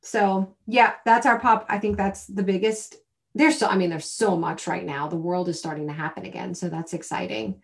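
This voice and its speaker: A woman in her thirties co-hosting a podcast in casual chat, talking in an animated way and laughing often. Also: mid-range voice, moderate pace, creaky. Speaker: podcast co-host.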